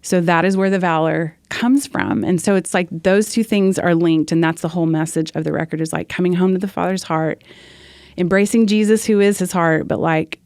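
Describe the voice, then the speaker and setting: A woman's voice: fairly low pitch, fairly even intonation, moderate pace, darkish tone, no echo. Earnest woman guest, dry close sound. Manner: earnest, storytelling, laughs often. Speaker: guest worship leader. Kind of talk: casual podcast conversation.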